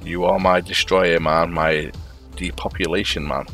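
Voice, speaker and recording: Man reading out fatherly old boxing coach, sentimental, deep low voice, flat delivery, faint music behind. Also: unhurried, creaky, heavily acted.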